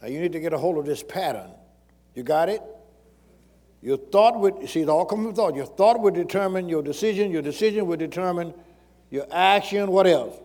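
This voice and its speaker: A man's voice: sits high, moderate pace, a little mellow, long reverb tail. A man preaching a sermon as pastor, repeating phrases and calling out questions to the congregation.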